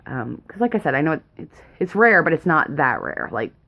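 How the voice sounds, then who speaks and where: A woman's voice: low-pitched, wildly swooping pitch, a little fast, vocal fry, pushed and bright. A young woman, a mother vlogging at home, rambling nervously and laughing often. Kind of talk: casual rambling chat. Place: home, indoors.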